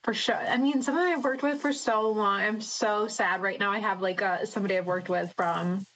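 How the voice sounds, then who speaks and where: A woman's voice: medium pitch, steady tone, normal speed, fairly bright tone, rough recording. A woman who works as a school therapist, chatting on a podcast and telling stories about her clients. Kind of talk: casual podcast chat.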